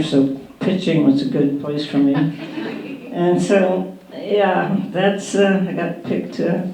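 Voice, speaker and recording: An older woman, a former professional baseball player, recounting her start in a halting, unhurried way with soft chuckles at a museum panel. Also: fairly low pitch, a little hiss or hum. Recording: roomy hall echo.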